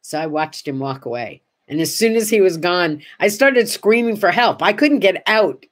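A woman hosting a casual morning vlog, telling a story in an animated way and acting out the dialogue. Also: lowish voice, moderate pace. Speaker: host.

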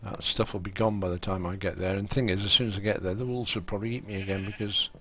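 A man's voice: lowish voice, fairly even intonation, quick pace, pushed and bright. A man chatting casually and rambling while he plays a game on a live stream. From England. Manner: rambling, full of ums and restarts.

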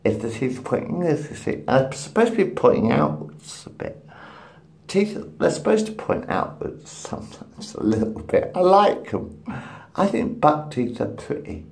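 A man in his fifties rambling in a profane solo monologue, swinging between muttered asides and loud outbursts. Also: on the high side, very animated, normal speed, creaky. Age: 50s.

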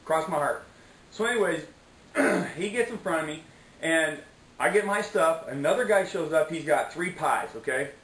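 A man's voice: on the high side, moderate pace, fairly bright tone, reverberant, a little hiss or hum, low-quality recording. A middle-aged man telling a story in a casual vlog, chatty and preachy, often tossing in "okay?" and "anyways". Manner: preachy, motivational asides. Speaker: vlogger.

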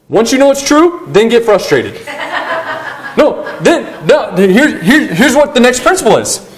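A young adult male pastor delivers a sermon in a notably high voice. He tells stories with lively energy, drops humorous asides, and plays out his own earlier frustrations to make a point. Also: measured pace. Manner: animated storytelling with humorous asides; acts out his own past rants.

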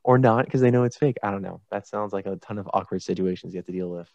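A male podcast host talks in a loose, joking ramble, laughing often between thoughts. His voice sits on the low side. The recording is dry and a little dull, with a lo-fi edge. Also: fast talker, darkish tone, dry recording. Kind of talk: casual podcast chat.

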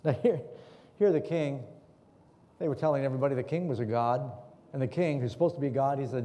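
A man's voice: medium pitch, fairly quick, long pauses, warm tone. A man preaching a sermon in a church and asking the congregation questions. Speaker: pastor. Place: church hall. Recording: echoey church hall.

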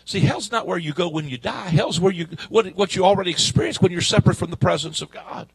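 A man preaching a fervent sermon at a church service, swinging from shouts to quiet asides in folksy grammar. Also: sits high, fast, creaky, husky, no room sound. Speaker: guest preacher.

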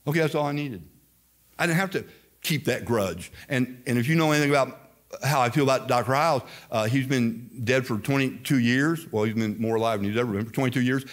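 A man's voice: mid-range voice, a little fast. An older man preaching a sermon as pastor, telling stories with emphatic, repeated phrases. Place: church sanctuary.

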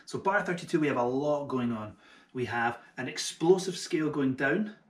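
A man teaching a double bass lesson online, who explains each step in an encouraging way and makes light jokes at his own expense. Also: moderate pace, echoey room. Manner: friendly and encouraging, with light self-mocking jokes. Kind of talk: online music tutorial.

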